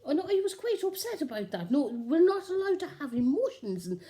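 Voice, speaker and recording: A woman's voice: sits high, sing-song, a little fast, warm tone. A woman doing a giggly, gossiping nun. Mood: giddy gossip. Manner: giggly, gossipy, chatty, with frequent asides. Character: cheeky giggly gossiping middle-aged nun. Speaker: comic character monologue. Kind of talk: improvised comic monologue.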